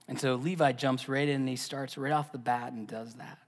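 A man preaching a sermon as pastor, animated, dropping to a whisper for emphasis. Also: medium pitch, brisk, hardly any pauses, big-room sound. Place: church.

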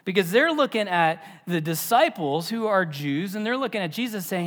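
A man preaching a sermon as pastor, animated, dropping to a whisper for emphasis. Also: high-pitched, moderate pace, few pauses, in a large hall. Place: church.

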